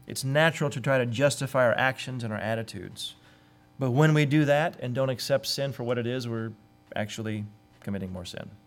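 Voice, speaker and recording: A man's voice: mid-range voice, a little fast. A man preaching a sermon in an earnest way, sometimes acting out the voices he quotes. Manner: earnest, acts out quoted voices with sudden lifts. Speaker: pastor.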